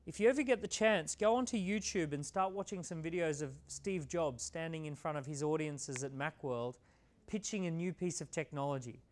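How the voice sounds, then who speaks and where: A man's voice: on the high side, normal speed. A man giving a casual, conversational motivational talk to a live audience, often checking in with "right?". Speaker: keynote speaker.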